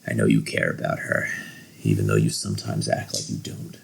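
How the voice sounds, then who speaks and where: A man voicing a power-hungry male sorcerer who claims to be a god, speaking in a smooth, persuasive and menacing way. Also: rumbling low, steady tone, a little fast, a little hiss or hum, voice pushed down, full character voice, rough recording. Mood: tempting.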